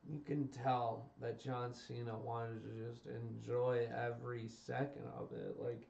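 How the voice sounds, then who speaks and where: A man's voice: mid-range voice, level tone, unhurried, gravelly, a little mellow, recorded from a distance, slight background noise. A young adult man streaming, talking casually and emphatically, repeating himself as he vents his exasperation. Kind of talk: casual ranting commentary. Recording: roomy, dull lo-fi stream audio.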